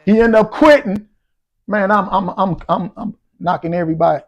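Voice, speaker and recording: Streamer, male, higher register, loose rambling banter with chat, chuckles a lot. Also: normal speed. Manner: rambling, repeats "man" and "you know what I'm saying"; teasing, chuckling often. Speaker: gaming live streamer.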